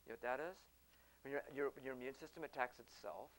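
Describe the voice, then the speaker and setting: A middle-aged man hosting a talk, telling a personal story in an animated way and acting out the people he quotes. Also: mid-range voice, quick pace, low-quality recording.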